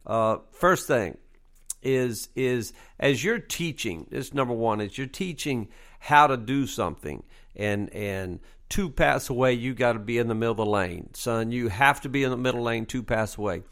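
This middle-aged basketball coach, who also hosts a podcast, runs through coaching tips in a relaxed monologue, hammering key points through repetition amid plenty of fillers. His mid-range voice is a bit bright, with lively intonation at normal speed.

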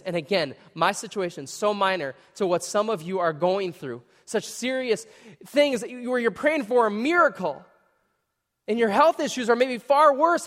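Earnest preacher man in a reverberant hall. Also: high-pitched. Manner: earnest and emotional, swings between hushed and raised. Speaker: pastor. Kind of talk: sermon.

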